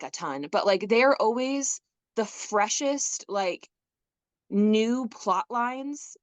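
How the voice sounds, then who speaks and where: A young woman co-hosting a casual podcast, chatting in an animated, rambling way. She laughs often and fills her talk with fillers. The sound is dry and close, with no room echo. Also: mid-range voice. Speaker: podcast co-host. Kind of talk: casual chat.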